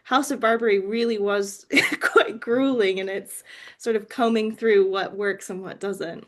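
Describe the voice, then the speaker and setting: A woman's voice: mid-range voice, fairly even intonation, unhurried. A woman novelist on a panel discussion, chiming in with candid, chatty remarks. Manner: candid and chatty, jumping in eagerly.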